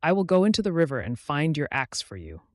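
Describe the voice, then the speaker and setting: Storybook fairy, gentle and kind, a man reading her, lilting, dry close sound. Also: on the high side, huge pitch swings, quick pace, dry recording. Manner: gentle, kindly.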